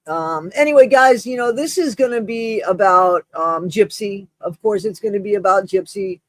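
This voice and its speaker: A man with a high voice hosts a casual live stream at a moderate pace, with no room sound. Short of breath, he rambles effusively, restarting often and greeting viewers by name with shout-outs.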